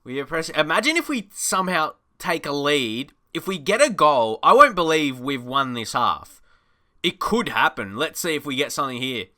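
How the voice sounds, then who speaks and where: An Australian man giving casual, excitable commentary over a football management game, chatty and laughing often. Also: a little high, moderate pace. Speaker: gaming YouTuber.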